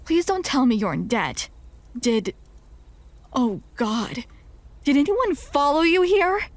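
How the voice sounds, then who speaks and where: A woman's voice: sits high, big pitch swings, slow, dry recording, heavily acted. A woman playing an alarmed, angry family man. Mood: suspicious.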